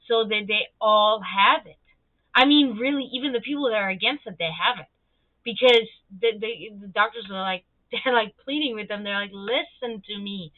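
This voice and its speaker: A woman hosting a livestream, telling stories in casual chat, animated and swearing freely, acting out the people she quotes. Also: no room sound. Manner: animated, swearing, acts out quoted people with high jumps in pitch. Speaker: livestream host. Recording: dry tinny phone-like sound.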